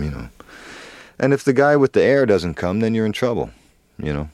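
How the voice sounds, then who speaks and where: A middle-aged actor telling an interviewer a candid story, halting with fillers and restarts. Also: male voice, fairly low pitch, sing-song, darkish tone, no room sound. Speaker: actor guest.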